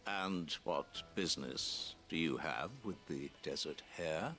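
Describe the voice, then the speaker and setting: A man's voice: very deep voice, takes it slowly, pushed and bright, soft background music, exaggerated voice. A man voicing a guarded male merchant fixer in a video game. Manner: guarded, knowing.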